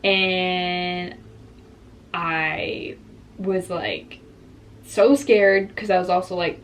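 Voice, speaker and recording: A woman's voice: fairly low pitch, fairly even intonation, drawn-out words, pauses often, slight background noise. A woman in her twenties telling a personal story in a candid vlog, reflective and openly emotional. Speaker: vlogger.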